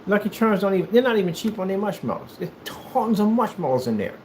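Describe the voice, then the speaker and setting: A man from the United States chatting casually while he plays, telling rambling, animated stories in a hyperactive way. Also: sits high, quick pace, a little hiss or hum. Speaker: gaming streamer. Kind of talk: casual chat while playing.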